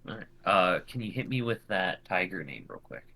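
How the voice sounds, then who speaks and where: A man's voice: low voice, lively intonation, normal speed, pushed and bright. A man running a tabletop game as game master, describing scenes in a loose, filler-heavy way.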